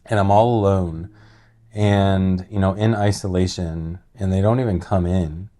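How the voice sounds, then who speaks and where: A man's voice: sits low, steady tone, unhurried, mellow. A middle-aged man telling a personal story in casual, earnest talk, rambling with many restarts and filler words.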